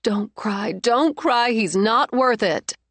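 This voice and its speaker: A woman's voice: on the high side, slow, fairly bright tone, dry recording, pitched above the performer's own voice, heavily acted. A woman voicing a protective middle-aged mother who soothes and scolds by turns. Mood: soothing.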